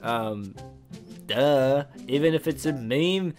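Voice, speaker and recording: Excitable young man joking through reactions. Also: mid-range voice, takes it slowly, faint music behind. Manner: excitable, joking, laughs and exclaims often. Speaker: youtube reaction host. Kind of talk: comedic reaction commentary.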